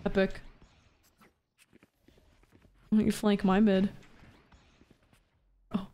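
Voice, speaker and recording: A woman's voice: mid-range voice, level tone, measured pace, dark tone, highs cut off. A woman from Canada, chatting casually on a live stream while gaming, playful, swearing, laughing and reading chat aloud. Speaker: VTuber streamer.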